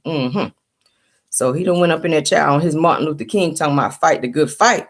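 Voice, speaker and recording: Sassy low-voiced woman dishing gossip. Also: fairly quick. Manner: sassy, chatty, calls listeners child and honey. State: sleepy, just woken up. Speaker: host. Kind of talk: casual celebrity gossip commentary.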